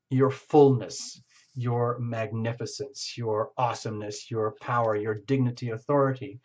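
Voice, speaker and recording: This tarot reader, a man with a medium-pitched, slightly mellow voice, talks plainly while feeling his way toward the right phrasing. The audio is lo-fi and a touch muffled.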